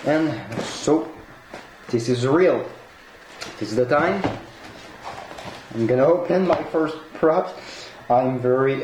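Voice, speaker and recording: A man who is not a native English speaker, unboxing a collectible, excitable, laughing often and swearing in broken English. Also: mid-range voice, slow pace, long pauses. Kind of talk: unboxing vlog. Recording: echoey room with noisy background.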